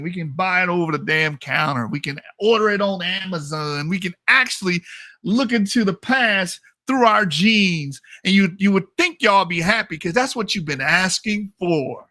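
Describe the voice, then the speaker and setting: A man hosting a channel reacts to results on screen with blunt, mocking, profane commentary. His voice sits high with a sharp tone, captured dry and at studio quality.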